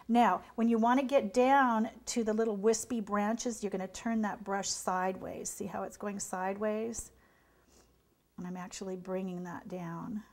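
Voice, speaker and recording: In this demonstration tutorial on cake painting, a middle-aged pastry chef chats encouragingly in a darkish mid-range voice. She sinks to a near whisper while working.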